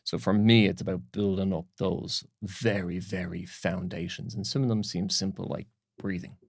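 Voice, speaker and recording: A man's voice: low-pitched, normal speed, gravelly, no echo, studio quality. A man, a breathing coach, telling stories animatedly as a podcast guest. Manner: animated, uses fillers and restarts. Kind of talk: casual interview storytelling.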